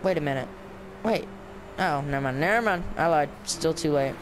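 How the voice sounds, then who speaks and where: A man's voice: on the high side, normal speed. A man giving casual, sarcastic let's-play commentary while grumbling at the game. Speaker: gameplay commentator. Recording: clear background noise with game car sounds.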